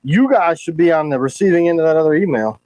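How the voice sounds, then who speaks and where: A man who makes knives, hosting a casual livestream and talking in a frustrated, animated way with quick asides. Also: on the high side, dry recording, poor audio. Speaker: knife maker hosting a livestream.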